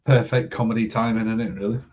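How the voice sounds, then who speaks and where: A man's voice: fairly low pitch, level tone, fast, darkish tone, lo-fi sound. A man in his thirties hosting a casual chat, laid-back, laughing and swearing freely. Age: 30s.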